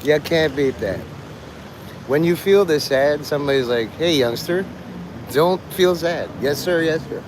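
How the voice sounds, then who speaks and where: A man's voice: on the high side, unhurried, background noise. A man streaming, rambling in casual commentary, sarcastic and swearing, mocking people. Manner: sarcastic, swears, mocks others in put-on whiny voices.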